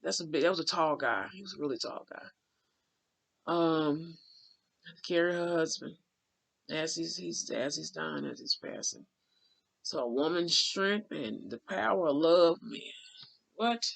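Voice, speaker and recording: Creaky, rambling spiritual vlogger man. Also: fairly high pitch, a little slow, long pauses, fairly bright tone. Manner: rambling, heartfelt storytelling with restarts; colloquial, drawling asides like "child" and "honey". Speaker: spiritual channeler. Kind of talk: casual spiritual vlog talk.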